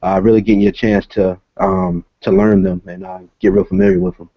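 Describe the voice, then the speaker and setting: A man talks over a video call as a comic creator and guest, explaining in a casual, halting way with plenty of filler sounds. His voice sits low. The call audio is dull and lo-fi, with a dry, close sound. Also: level tone, slightly rough, no room sound.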